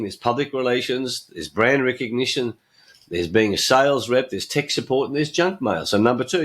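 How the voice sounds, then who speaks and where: Aussie podcast host, older guy, blunt opinions, chuckles at his own gags. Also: mid-range voice. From Australia. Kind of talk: opinionated monologue with jokes.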